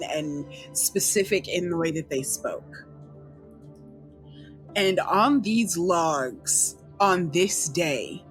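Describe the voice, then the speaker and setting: A woman narrating as game master, telling the story slowly and deliberately with casual slang. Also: on the low side.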